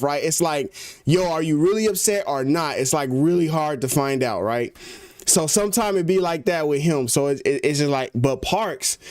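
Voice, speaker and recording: A man's voice: a little high, darkish tone, no echo, studio quality. A man chatting casually on a stream, rambling loosely and laughing easily. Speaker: music producer and streamer. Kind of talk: casual livestream chat.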